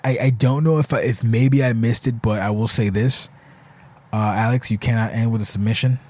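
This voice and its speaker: A man's voice: on the low side, darkish tone. A man hosting a solo podcast, rambling and ranting with lots of swearing, restarts and searching for words. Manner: rambling, profane, exasperated ranting with frequent restarts. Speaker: podcast host.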